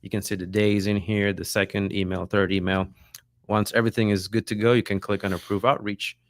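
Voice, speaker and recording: A man with a very low voice guides listeners through a piece of software one click at a time. His delivery is steady and plain, with small fillers. The sound is dry and close to the mic. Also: a little fast, no room sound. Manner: steady, step-by-step explaining with "uh, you know". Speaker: co-host. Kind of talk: software walkthrough.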